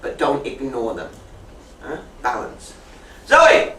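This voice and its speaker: A woman teacher trainer running a lively classroom demonstration, repeating and correcting students as she goes. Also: fairly low pitch, unhurried. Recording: echoey classroom from far off with faint noise.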